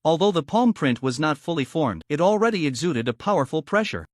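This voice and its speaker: A man narrating a fantasy novel story in a scripted, animated storytelling manner. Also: a little high, fairly quick, no room sound, clean studio sound.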